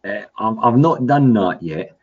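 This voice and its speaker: A low-voiced man in his sixties rambles through his stories, full of fillers and restarts. The sound is dull and lo-fi. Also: lively intonation, measured pace, husky. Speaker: guest. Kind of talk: casual storytelling.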